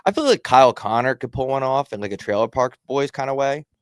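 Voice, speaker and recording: A man's voice: medium pitch, fast, clean tone, dry recording, clean studio sound. A man co-hosting a podcast in casual sports chat, rambling and profane. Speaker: podcast co-host.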